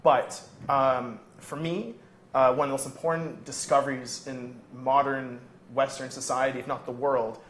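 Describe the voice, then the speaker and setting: A man's voice: mid-range voice, fairly even intonation, moderate pace, fairly bright tone. A man who produces the show joins a live health debate as a guest. He rambles through his explanations and throws in jokes along the way. His voice sits in a roomy studio with a faint background hum.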